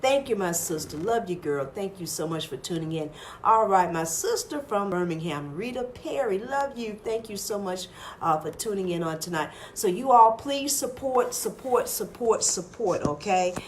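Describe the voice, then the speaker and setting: A woman hosting a live radio interview, upbeat and repeating phrases for emphasis as she reads out listener shout-outs. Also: medium pitch, animated, moderate pace, a little hiss or hum. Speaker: radio show host.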